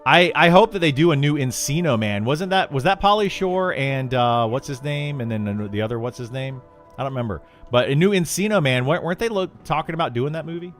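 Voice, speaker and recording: A chatty middle-aged man talks while he streams a game, wandering from topic to topic. He restarts his sentences and fills gaps with ums and uhs. Faint music plays quietly in the background. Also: on the high side, lively intonation, a little fast. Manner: rambling, chatty, with many fillers and restarts. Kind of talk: casual chat while streaming.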